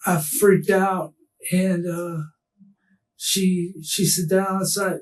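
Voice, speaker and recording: A man's voice: sits high, little pitch movement, distant mic, poor audio. Distraught man in a police interrogation. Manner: halting, distraught, restarting sentences. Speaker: murder suspect under interrogation.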